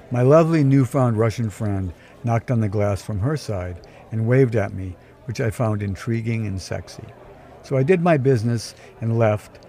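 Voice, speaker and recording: A man narrating a scripted first-person story in a dry, wry, measured way. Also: medium pitch, mellow. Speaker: podcast storyteller.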